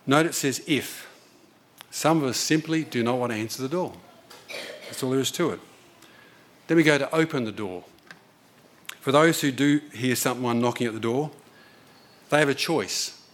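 A man's voice: medium pitch, normal speed, long pauses, a little hiss or hum. A man preaching a sermon, telling a story in an earnest, conversational way.

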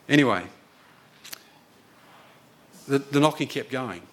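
A man's voice: mid-range voice, unhurried, long pauses. A man preaching a sermon, telling a story in an earnest, conversational way.

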